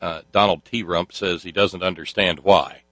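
A man's voice: low voice, steady tone, normal speed, a bit bright, no room sound. A man hosting a talk show, delivering a sardonic monologue full of fillers and restarts. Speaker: host.

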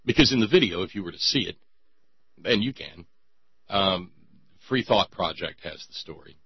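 A man's voice: deep voice, lively intonation, moderate pace, slightly rough, no echo, dull audio. A man hosting a talk radio show, giving sarcastic commentary with sighs and stammered repeats.

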